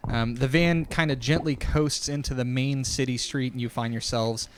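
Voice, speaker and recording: A man's voice: mid-range voice, fairly even intonation, moderate pace, smooth. Casual male game master narrating. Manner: casual, filler-heavy narration.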